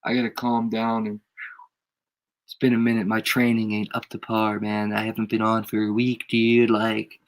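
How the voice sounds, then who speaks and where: In a lowish voice with a completely flat delivery at normal speed, a channel host with a head cold rants casually on a livestream. He's emphatic and slangy with his live audience and keeps repeating himself.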